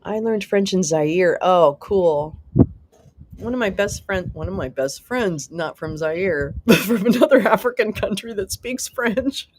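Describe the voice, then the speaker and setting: Measured in pace and mid-range in pitch, this female livestream host chats with her audience, reads chat out loud, and laughs a lot. Her jokes lean self-deprecating, sprinkled with casual swearing.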